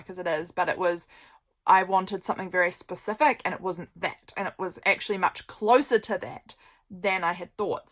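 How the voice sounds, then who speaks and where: Woman, vlogger, casual chatty show-and-tell, rambling, friendly, lots of ums, mid pitch. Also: fairly bright tone. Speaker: journaling vlogger.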